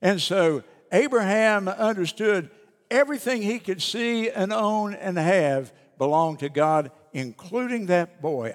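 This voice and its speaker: A man preaching a sermon as pastor, emphatic, slowing down and dropping soft on key phrases. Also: high-pitched, animated. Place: church sanctuary. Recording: long reverb of a church hall.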